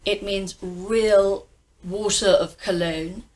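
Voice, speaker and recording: A woman with a received pronunciation English accent teaches pronunciation at a slow, measured pace. She lingers over each sound with careful, emphatic precision, and her pitch sits in a middle range. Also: fairly even intonation, darkish tone, rough recording. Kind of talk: pronunciation lesson.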